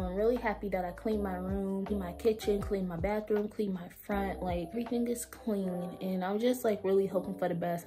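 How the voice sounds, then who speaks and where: Chatty young woman vlogging over music. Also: mid-range voice. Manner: chatty, many "like" fillers, reflective. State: out of breath. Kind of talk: casual vlog chat.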